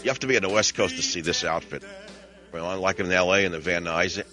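A man's voice: low voice, fairly even intonation, fast talker, sharp tone, faint music behind. An older man hosting a talk radio show, rambling wryly through stories and chatting with callers. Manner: digressive, wry, mimics voices and jokes with callers. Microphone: studio microphone.

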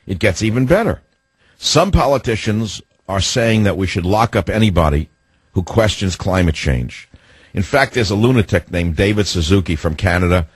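Talk radio host, man, older, low husky voice, mocking and ranting. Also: expressive, moderate pace, no room sound. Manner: sarcastic, mocking, ranting with nicknames and sudden pitch jumps. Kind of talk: political talk radio monologue.

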